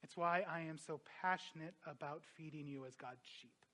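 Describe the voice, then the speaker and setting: A man preaching a sermon as a pastor, impassioned, swinging from loud emphatic peaks to quiet reflective drops. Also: a little high, moderate pace.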